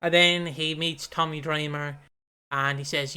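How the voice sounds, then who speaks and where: A man's voice: on the high side, level tone, pushed and bright, clear, resonant tone. A man co-hosting a wrestling podcast in casual chat, rambling and swearing freely. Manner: swearing, rambling, quick asides. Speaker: podcast co-host.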